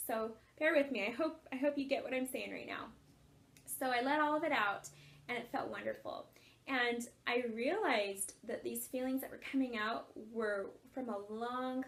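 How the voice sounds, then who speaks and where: Woman life coach, high voice, heartfelt storytelling with frequent laughs. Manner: earnest and emotional, laughs often while telling. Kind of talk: personal storytelling talk.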